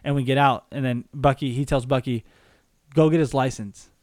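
A young man telling a story in casual chat, animated and swearing, acting out the people in it. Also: mid-range voice, moderate pace, no room sound, clean studio sound. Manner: animated storytelling, acts out voices, swears and laughs a lot.

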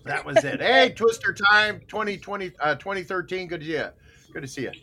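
A man's voice: high voice, expressive, a little fast, crowd noise. An older man hosting a casual morning show, rambling through stories with chuckles and repeated phrases. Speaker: host.

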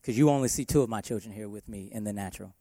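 Male worship pastor preaching, emphatic delivery, mellow tone, close dry sound. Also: on the low side, very fast, no room sound. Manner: emphatic preaching with shifting loudness. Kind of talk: sermon.

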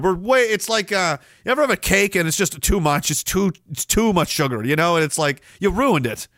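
A man hosts a casual livestream, reading out chat comments. He rants with profanity and sarcasm and breaks into loud mocking outbursts. His voice is slightly high and sharply forceful, and the sound is dry and close. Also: animated, a little fast, hardly any pauses, no echo. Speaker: livestream host.

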